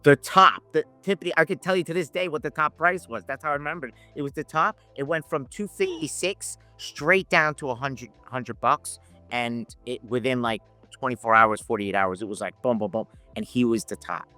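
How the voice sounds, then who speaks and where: A man telling lively anecdotes in a casual podcast chat, laughing and acting out the people he quotes. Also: medium pitch, normal speed, dry recording, soft background music. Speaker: podcast guest, options educator. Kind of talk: casual storytelling.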